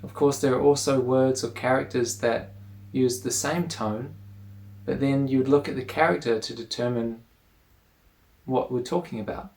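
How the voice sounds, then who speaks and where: A man teaching an explanatory lesson, explaining step by step in a patient, measured way. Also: medium pitch, steady tone, creaky, darkish tone.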